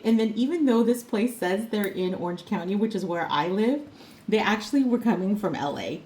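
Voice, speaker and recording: A woman's voice: mid-range voice, animated, normal speed, a little mellow. Chatty rambling woman crafting at home. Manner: rambling, chatty storytelling with many fillers and light laughs. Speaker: crafting vlogger. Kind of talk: casual chat while crafting.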